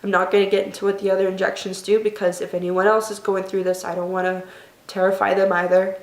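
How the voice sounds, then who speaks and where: A young woman vlogger telling a personal story in an emotional, tearful, halting way. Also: medium pitch, level tone. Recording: echoey room.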